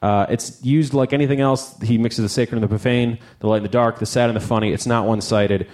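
A man's voice: mid-range voice, fairly quick. A man hosting a live music talk, joking and swearing as he discusses an album for an audience on stage. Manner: animated, swearing, jokey asides.

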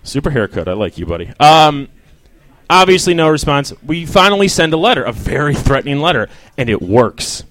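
A man's voice: fairly high pitch, sing-song, brisk, fairly bright tone, dry recording. A young man doing a rambling, self-deprecating stand-up set, swearing and riffing with the crowd while feeling sick. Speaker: stand-up comedian.

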